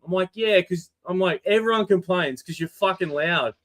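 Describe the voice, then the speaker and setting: An Australian man in casual podcast chat, swearing freely as he tells an animated story. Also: sits high, moderate pace.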